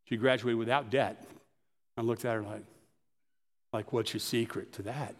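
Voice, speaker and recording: A pastor telling personal stories in a conversational sermon. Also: male voice, medium pitch, steady tone, normal speed, in a large hall. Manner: storytelling, conversational.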